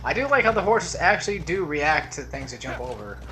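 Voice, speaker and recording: A man's voice: on the high side, very animated, brisk, sharp tone, faint music behind. A man giving casual, rambling commentary over a video game playthrough, drifting off on tangents and trailing off into mumbles. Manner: laid-back, trails off into mumbles. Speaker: let's play commentator.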